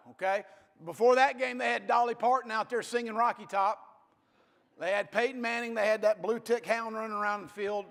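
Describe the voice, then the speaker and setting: A man's voice: sits high, creaky, a bit bright. A man, a football coach giving a blunt, folksy motivational speech to an audience. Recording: reverberant hall.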